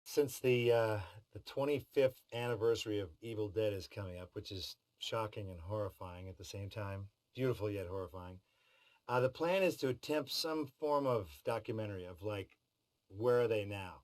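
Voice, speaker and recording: A man's voice: fairly low pitch, moderate pace, a little mellow, rough recording. A middle-aged man talking in a behind-the-scenes interview about voice work, with a wry, joking manner. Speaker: voice actor in behind-the-scenes feature. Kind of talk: interview talk.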